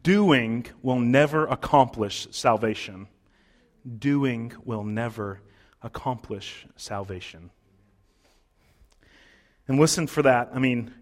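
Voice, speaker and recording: A pastor delivering a Sunday sermon in a relaxed, conversational way. He talks at a middle pitch and stops to restart phrases and say "uh" as he thinks. The speech is plain and unscripted. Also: normal speed. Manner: conversational preaching with fillers and restarts.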